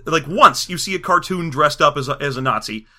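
Man, casual film chat, sarcastic, very bright tone, slightly high voice. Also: fairly quick. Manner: sarcastic, mocking, acts out scenes in silly voices. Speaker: podcast co-host reviewing a film.

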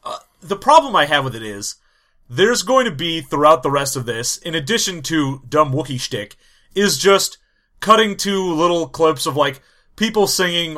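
A man's voice: fairly high pitch, pushed and bright. A man co-hosting a podcast, chatting casually about a film with dry, sardonic quips. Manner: sardonic quips, mock reactions. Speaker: podcast co-host. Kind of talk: casual chat reviewing a film.

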